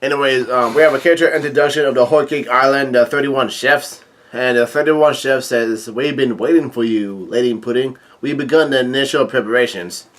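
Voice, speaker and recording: A man does a casual read-through of a manga chapter in a plain, mid-pitched voice, reading the dialogue aloud. He halts often, restarting and filling gaps with "uh" and "um," and tosses in light casual remarks of his own.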